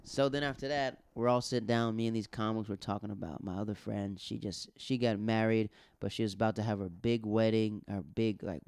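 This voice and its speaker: A man's voice: on the low side, clear, resonant tone, dry recording. A young man, a stand-up comedian from the American South, casually recounting his week of gigs and acting out the quotes. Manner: loose, animated retelling with acted-out quotes. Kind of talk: casual storytelling monologue.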